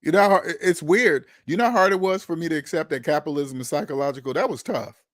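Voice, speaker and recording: A man with a high, lively voice talks through a casual monologue, swearing freely and laughing at his own past. The sound is dry and close, with no room echo. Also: fast. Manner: animated, profane, laughs at himself, acts out quotes. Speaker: podcast host. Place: Seattle.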